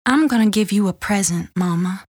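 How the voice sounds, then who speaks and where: A woman doing a soft, menacing teen girl. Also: medium pitch, fairly quick, slightly rough, dry recording, clean studio sound, natural voice. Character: teenage girl with cold eerie powers.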